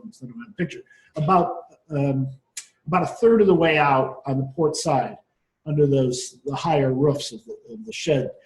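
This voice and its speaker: A man's voice: medium pitch, a little mellow. A man presenting a case study at a professional workshop, talking conversationally with frequent restarts. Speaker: marine surveyor speaking at a workshop. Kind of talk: conference presentation. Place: conference room. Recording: echoey room.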